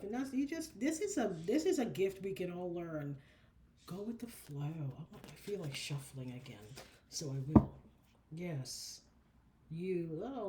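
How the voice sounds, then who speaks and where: A woman with a low voice gives a casual oracle card reading, chatty and animated, calling her listeners honey and baby. A faint hum sits behind her.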